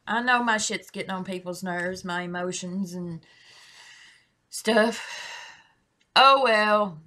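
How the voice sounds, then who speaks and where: A woman hosting a casual reaction video, speaking slowly and deliberately. Her tone is bright and forward. She swears freely, apologizes often, and addresses her viewers as y'all. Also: medium pitch.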